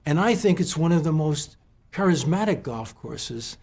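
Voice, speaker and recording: A man from the West Coast of the US interviewing a guest at a golf club, speaking haltingly with many restarts and fillers. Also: fairly high pitch, animated, a little mellow. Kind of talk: heartfelt conversational tribute.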